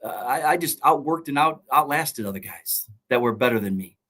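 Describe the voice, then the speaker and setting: A man's voice: mid-range voice, expressive, moderate pace, bright, forceful tone, husky. Earnest preachy middle-aged man. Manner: earnest, preachy, repeats key phrases. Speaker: college football coach and former pro player. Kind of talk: motivational interview talk.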